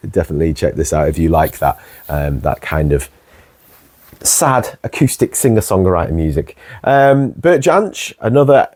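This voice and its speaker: A man hosting his own video, chatting casually and warmly about his record collection, rambling with plenty of ums. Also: low voice. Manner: relaxed and rambling, many ums, warm enthusiasm. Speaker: host.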